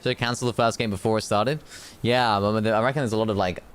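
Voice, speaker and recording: A man's voice: lowish voice, steady tone, fast. A young man from Europe chatting casually as he hosts a live stream watch party, rambling with many fillers and restarts.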